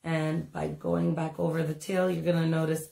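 Low gravelly woman teaching kids to draw. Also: little pitch movement, moderate pace, mellow, roomy sound. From Canada. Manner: chatty and encouraging, many ums and asides. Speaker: art teacher. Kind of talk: step-by-step drawing lesson for children.

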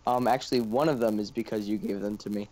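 A man's voice: fairly low pitch, fairly even intonation, fast, darkish tone. Man rambling in casual stream chat. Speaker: friend on a gameplay stream.

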